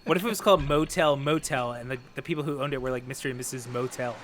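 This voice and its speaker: A man's voice: mid-range voice, fast, heavy background noise. A man co-hosting a podcast, chatting casually and playfully, laughing often and padding sentences with "like". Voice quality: playful, giggly, trails off with "like". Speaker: podcast co-host. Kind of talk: casual movie-riffing chat.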